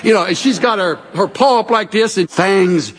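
A man's voice: high-pitched, normal speed. A middle-aged man preaching a conversational sermon in a folksy, chuckling way, full of homely asides.

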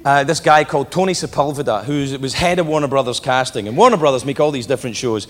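A man doing stand-up, telling a story with sudden shouts and put-on voices. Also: mid-range voice, fast. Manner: animated, swings into shouted put-on voices and laughs. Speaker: stand-up comedian. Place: comedy club stage. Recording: live in a hall with crowd and noise. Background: audience laughter.

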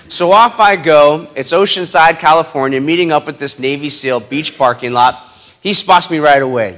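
A man telling a personal story as a motivational speaker, animated and dramatic, building up the tension. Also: on the high side, fairly quick.

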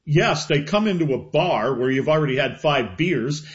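A man hosting a casual radio show, joking in a relaxed way with his co-host. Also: on the high side, moderate pace. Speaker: host, broadcaster. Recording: muffled lo-fi radio audio.

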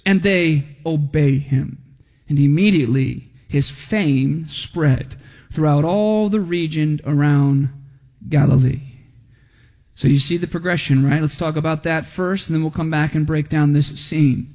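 High-voiced man preaching in a reverberant church. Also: unhurried, a little mellow. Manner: conversational, often asking the crowd "right?"; rises animatedly when reading quoted speech aloud. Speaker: pastor. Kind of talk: expository sermon. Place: church sanctuary during a service. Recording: long hall reverb.

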